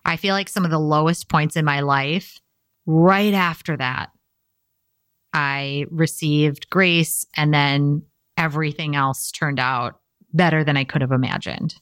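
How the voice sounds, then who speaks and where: A woman's voice: low-pitched, steady tone, unhurried, a bit bright, no room sound, studio quality. A young woman talking earnestly and casually, encouraging listeners in a motivational self-help talk.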